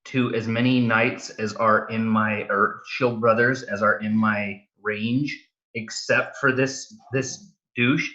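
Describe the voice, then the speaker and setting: A man playing a tabletop game chats in a halting, playful way. His voice is bright, and the mic sound is dull. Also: on the low side, fairly even intonation. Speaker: player. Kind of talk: casual chat at a game table.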